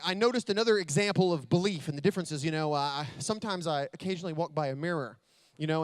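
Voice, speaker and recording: High-voiced man giving a convention keynote. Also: no echo. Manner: builds to loud excited storytelling. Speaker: motivational speaker. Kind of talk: motivational keynote speech. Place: convention stage.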